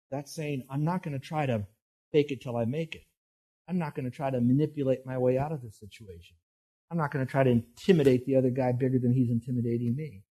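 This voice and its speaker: A man's voice: mid-range voice, a little fast, mellow, slightly rough. A middle-aged male pastor preaching a folksy, anecdote-filled sermon, often restarting his words.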